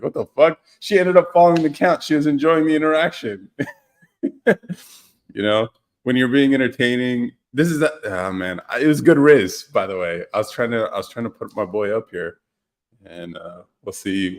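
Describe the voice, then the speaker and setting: Deep-voiced young man hosting a live chat. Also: lively intonation, a little fast. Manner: loose, joking, laughs often, reads out viewer comments. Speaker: podcast host. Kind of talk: casual livestream chat.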